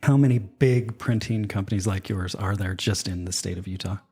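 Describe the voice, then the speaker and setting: A man's voice: on the low side, normal speed, a little mellow, slightly rough. A man hosting a podcast interview from a co-working space, upbeat and chatty with light jokes. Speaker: podcast host.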